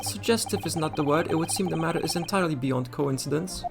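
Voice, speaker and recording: A man voicing a menacing male villain with a put-on French accent, smooth and theatrical. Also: a little high, fast, voice pushed up. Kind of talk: voicing game dialogue on a stream. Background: game music.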